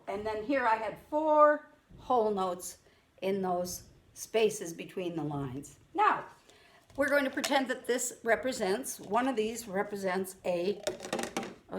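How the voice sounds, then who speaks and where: A woman of medium pitch, with slight background noise, teaches a music lesson to children through a camera, recorded on its mic. In a room with a keyboard, she patiently counts and chants rhythm syllables at a slow pace.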